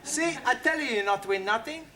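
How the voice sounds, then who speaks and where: A chatty Italian student. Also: male voice, extremely high pitch, lively intonation, brisk, pushed and bright, a little hiss or hum, heavily acted. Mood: breezy. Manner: mangled English, breezy and friendly. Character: cheerful Italian male student, chatty and jokey. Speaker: adult language student. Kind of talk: studio sitcom acting.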